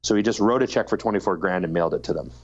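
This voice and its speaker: Low-voiced man telling a story, lo-fi. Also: rapid-fire. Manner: animated storyteller, swears freely. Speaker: podcast co-host. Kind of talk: casual podcast chat.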